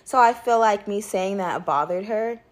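A woman and mother telling a story in casual chat, animated and expressive, swearing casually. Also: mid-range voice, normal speed. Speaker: podcast co-host, mother.

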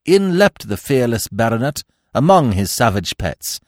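A man narrating a classic adventure story in a theatrical, highly expressive reading. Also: a little slow, no room sound, clean studio sound. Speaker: podcast narrator. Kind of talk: dramatic audiobook narration.

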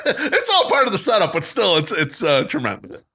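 A man's voice: high voice, huge pitch swings, normal speed, sharp tone, breathy edge. A man co-hosting a podcast, trading crude, joking banter in casual chat. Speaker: podcast co-host.

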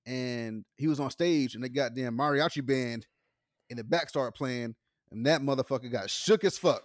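A man's voice: medium pitch, moderate pace, no room sound, clean studio sound. A man co-hosting a casual podcast, telling rambling, profane stories. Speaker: podcast co-host. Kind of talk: casual chat.

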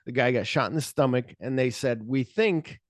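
A man's voice: medium pitch, moderate pace, no echo, studio quality. Man animatedly retelling a movie plot. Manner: animated retelling, acts out lines, swears freely. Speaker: podcast co-host. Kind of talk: casual movie chat.

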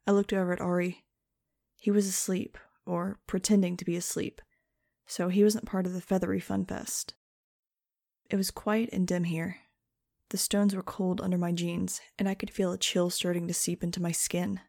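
Gravelly, wisecracking female audiobook narrator. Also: lowish voice, little pitch movement, moderate pace, darkish tone, dry recording, studio quality. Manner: sarcastic, wisecracking and conversational. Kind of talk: first-person audiobook narration.

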